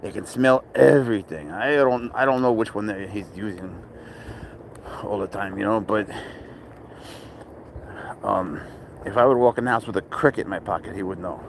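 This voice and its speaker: A man's voice: lowish voice, moderate pace, vocal fry, pauses often, slight background noise. A man chatting casually in a park about his cat, rambling and easygoing, and tired from little sleep. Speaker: cat owner vlogger. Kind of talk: casual chat outdoors. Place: outdoor park with traffic nearby.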